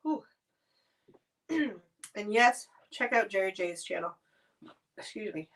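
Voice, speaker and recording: Woman livestream host at home, casual and chatty, coughing and clearing her throat, a bit far from the mic. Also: fairly high pitch, fairly bright tone. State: coughing from spicy food. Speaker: livestream host reviewing spicy snacks.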